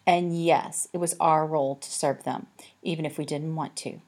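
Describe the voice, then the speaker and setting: A woman's voice: low voice, fairly even intonation, moderate pace, a little mellow. A woman voicing a grumpy, stern old orange tomcat with a terse, hissing manner. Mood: grave.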